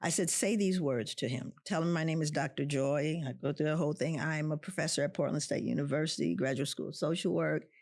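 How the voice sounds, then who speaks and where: A woman's voice: low-pitched, a little fast, hardly any pauses, darkish tone. A middle-aged woman, a professor of social work, tells a personal story with passion, acting out the voices of the people in it and repeating lines for emphasis. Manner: impassioned, acts out quoted voices, repeats for emphasis. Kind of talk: emotional storytelling.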